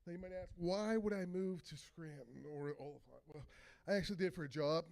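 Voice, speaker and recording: Gravelly high-voiced man doing stand-up. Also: fairly quick. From Philadelphia. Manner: rambling, exasperated storytelling with loud outbursts. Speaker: stand-up comedian. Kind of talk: open mic stand-up set. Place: small open mic venue.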